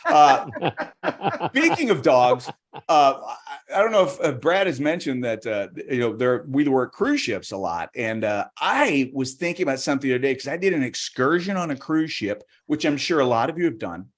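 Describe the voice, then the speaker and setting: Very animated but at a moderate pace, a man with a mid-range voice performs stand-up comedy on a video call as part of a virtual show. He rambles along chattily, cutting himself off to restart and putting on voices for characters.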